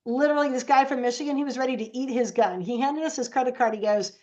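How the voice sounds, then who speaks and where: A woman's voice: high-pitched, fast, darkish tone. A woman guest on a podcast, telling stories casually and animatedly and acting out the voices she quotes. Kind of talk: casual storytelling.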